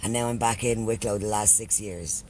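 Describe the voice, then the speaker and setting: A man's voice: on the low side, fairly even intonation, moderate pace, a little mellow, slight background noise. An Irish man chatting casually on a live stream, swearing freely and thanking followers by name. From Ireland.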